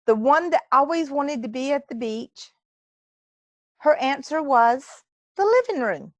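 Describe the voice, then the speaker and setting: A woman's voice: high voice, animated, measured pace, no echo, dull audio. A woman giving an earnest, faith-minded speech from home over a video call. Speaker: club speaker.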